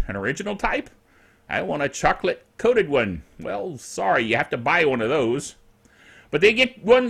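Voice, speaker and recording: A man's voice: high-pitched, pushed and bright. A middle-aged man hosting his own netcast in a casual, jokey way, with playful asides. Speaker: podcast host. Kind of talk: casual solo netcast chat.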